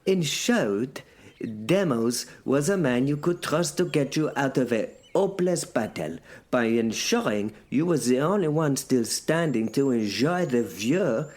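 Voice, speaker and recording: A man narrating a comic first-person audio drama in a dry, deadpan, sardonic way. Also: medium pitch, a little slow. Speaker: narrator and lead voice of an audio serial.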